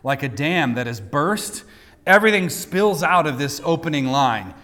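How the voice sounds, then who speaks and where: A man's voice: on the high side, lively intonation, normal speed, pushed and bright. A man preaching a sermon, teaching through a passage with light asides and repeated words. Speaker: pastor. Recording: long hall reverb.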